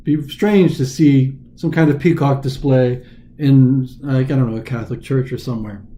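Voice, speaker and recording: Mellow-voiced chatty male tutor. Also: medium pitch, moderate pace. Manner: informal, chatty, dramatizes the text. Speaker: test prep tutor. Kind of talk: casual recorded lesson.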